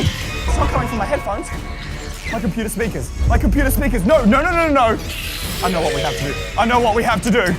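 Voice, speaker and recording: Very high-voiced, excitable man gaming. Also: a little fast. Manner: excitable, jumpy, frequent screams and exclamations. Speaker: gaming video creator. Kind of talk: live gameplay commentary. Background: background music.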